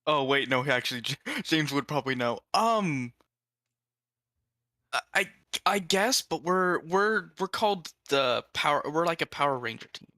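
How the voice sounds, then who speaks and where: A player in a tabletop game, talking in a playful, excitable way. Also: mid-range voice, normal speed, dry recording.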